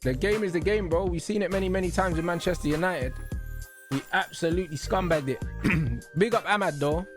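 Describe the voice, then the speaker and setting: A man's voice: high-pitched, brisk, over music. A man, co-hosting a podcast and reacting to a match in casual, exasperated slang. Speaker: podcast co-host.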